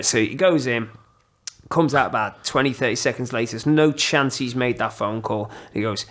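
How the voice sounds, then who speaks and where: An English man in his thirties, a podcast guest casually telling animated travel anecdotes and acting out the dialogue. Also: mid-range voice, normal speed. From England. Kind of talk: casual storytelling.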